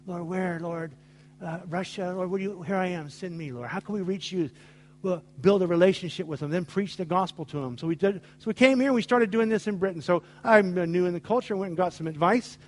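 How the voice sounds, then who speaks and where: There's a little hiss or hum behind this middle-aged American pastor, whose fairly high voice has a slightly mellow quality. He preaches emphatically, relating stories and acting out the dialogue in them.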